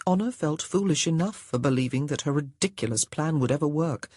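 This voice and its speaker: A woman reading a historical romance audiobook in a measured storytelling voice. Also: deep voice, lively intonation, darkish tone, breathy edge, dry recording, clean studio sound. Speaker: audiobook narrator. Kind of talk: scripted narration.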